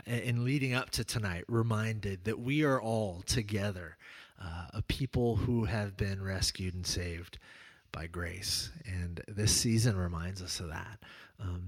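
A middle-aged man preaching a sermon, telling a personal story in a relaxed, conversational way and dropping softly on key words. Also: medium pitch, no echo. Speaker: pastor.

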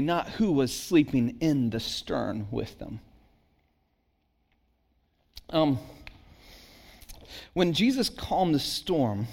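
Slow, high-voiced pastor preaching. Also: male voice. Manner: conversational preaching with rhetorical questions, dropping low and soft for emphasis; frequent repeated words and restarts. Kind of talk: sermon.

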